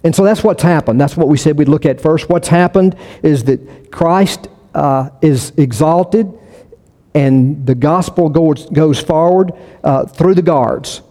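Male pastor, conversational sermon delivery with repeated phrases, warm tone, church reverb. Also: on the high side, unhurried. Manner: conversational, with frequent restarts and repetition for emphasis.

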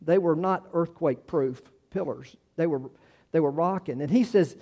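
A man's voice: on the high side, normal speed, dark tone. A man in his sixties preaching a sermon in a folksy, conversational way, repeating words and telling personal stories. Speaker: pastor.

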